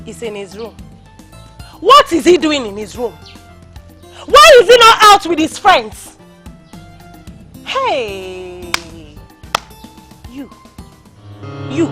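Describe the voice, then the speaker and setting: A bossy jealous Nigerian madam. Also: female voice, mid-range voice. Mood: suspicious. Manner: scolding, accusing, bossy. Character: domineering jealous wife, middle-aged madam. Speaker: wife and madam of the house. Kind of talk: Nollywood film acting.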